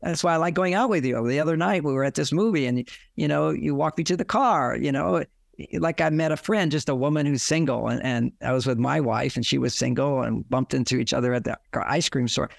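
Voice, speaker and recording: A man's voice: medium pitch, brisk, creaky, no echo, clean studio sound. A man giving relationship advice in a rambling way, acting out quoted lines as he goes. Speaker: relationship author and guest. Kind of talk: advice talk.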